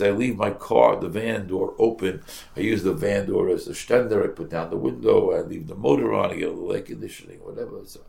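Older rabbi man telling a story, low gravelly voice, keeps repeating himself, animated. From United States. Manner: animated, repeats words, Yiddish and Hebrew words. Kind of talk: storytelling sermon.

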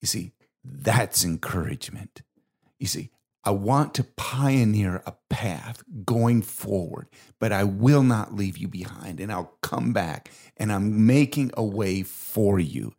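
A man's voice: fairly low pitch, lively intonation, slow, darkish tone. A middle-aged man, co-host of a faith podcast, telling an earnest and emotional personal story.

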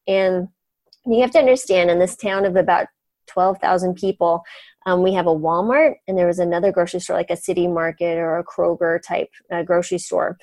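A woman in her forties, a physician guest, telling a story in an animated, chatty way with many fillers and laughs. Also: lowish voice, a little fast, no echo. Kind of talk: conversational storytelling.

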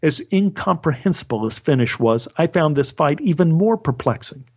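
A man's voice: fairly high pitch, expressive, moderate pace. A man narrating a personal story with a wry, dry humor. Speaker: storyteller, actor.

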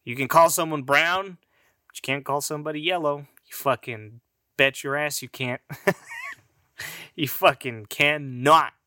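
Slow-talking profane man, bright dry voice. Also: a little high, no room sound. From Mexican heritage. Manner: rambling, profane, laughs at own jokes. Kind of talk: casual profane monologue.

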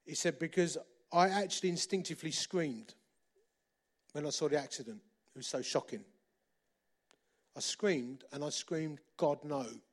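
Middle-aged male preacher, slightly high voice, storytelling sermon with loud and hushed turns. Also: normal speed, long pauses. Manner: lively, repeats phrases for emphasis, shifts between loud and hushed.

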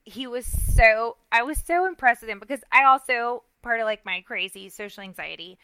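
A middle-aged woman co-hosting a podcast, telling a story in a self-mocking, animated way with lots of restarts and asides. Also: fairly high pitch, normal speed, smooth, dry recording, low-quality recording. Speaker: podcast co-host. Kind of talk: casual storytelling chat.

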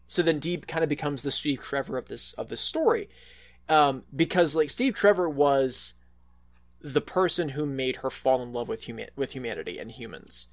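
Rambling through a casual podcast chat, this male co-host swears freely and fills his talk with restarts and fillers. His mid-range voice is animated and moves at normal speed.

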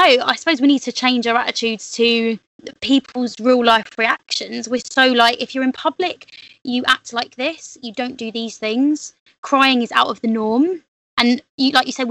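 A woman's voice: on the high side, normal speed, a bit bright, dry recording. A young woman from Britain, a podcast guest, talking earnestly and reflectively in casual chat, with frequent fillers.

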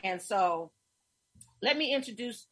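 A middle-aged woman hosting a casual interview, telling stories with warmth and getting emotional, her voice husky. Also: on the high side, expressive, unhurried. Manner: effusive, storytelling, emotional. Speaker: host.

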